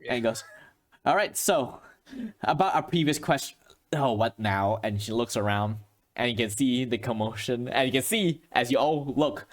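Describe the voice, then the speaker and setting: A man narrating as game master, rambling with lots of fillers and soft chuckles. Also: medium pitch.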